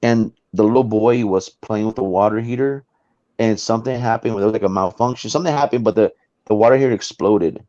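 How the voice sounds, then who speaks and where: Man, talk show guest, casual storyteller, lowish voice, dull lo-fi call sound. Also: brisk, no room sound. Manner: animated, acts out the people in his story.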